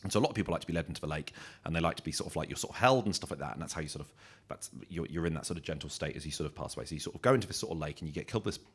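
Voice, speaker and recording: A man's voice: extremely low pitch, animated, very fast, husky. A man from England, a comedian co-hosting a live podcast, telling self-deprecating anecdotes and acting out the people in them. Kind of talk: live podcast storytelling chat. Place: small comedy venue with live audience.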